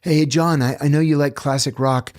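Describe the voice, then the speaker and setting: A man's voice: a little high, fairly even intonation, normal speed, a little mellow, pitched above the performer's own voice, natural voice. A man voicing a fawning male prison inmate who speaks in a friendly, slightly hesitant way as he tries to please. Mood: eager.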